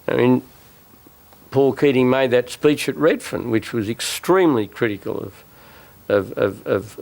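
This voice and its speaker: An older man, a former national leader, speaking in a documentary interview with a measured, insistent manner that sometimes repeats words. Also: medium pitch.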